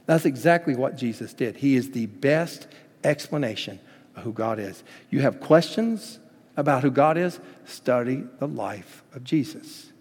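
A man's voice: mid-range voice, lively intonation, unhurried, a little mellow, in a large hall. A man preaching a sermon as pastor, telling stories with emphasis and acting out the quotes he cites.

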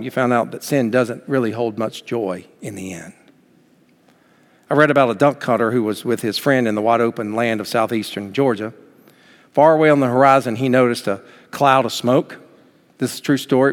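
Emphatic pastor preaching in a reverberant hall. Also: male voice, medium pitch. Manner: emphatic, rising to near-shouts on key points. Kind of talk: sermon.

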